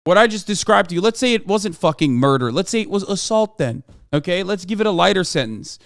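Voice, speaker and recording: A man's voice: high-pitched, expressive, a little fast, dry recording, clean studio sound. Heated, profane man ranting on stream. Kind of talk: live-stream reaction rant.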